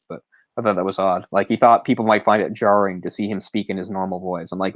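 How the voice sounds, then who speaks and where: A man's voice: sits low, little pitch movement, fast talker, no echo, highs cut off. A man co-hosting a movie podcast, rambling and opinionated, often chuckling as he talks. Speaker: podcast co-host. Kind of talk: casual movie discussion.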